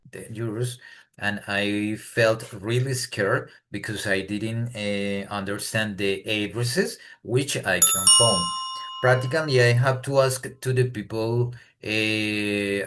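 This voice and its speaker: A man's voice: on the low side, slow, a bit bright. A man from Colombia with a Colombian accent, a Spanish-speaking English learner talking off the cuff and searching for words. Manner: hesitant, searching for words in a second language. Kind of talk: unscripted speaking practice.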